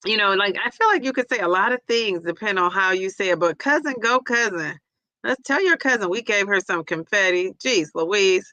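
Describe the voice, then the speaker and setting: A woman's voice: medium pitch, animated, fairly quick, sharp tone, no echo, dull audio. A woman hosting a casual livestream, chatty and laughing easily as she reads a quiz and viewer comments aloud. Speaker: livestream host.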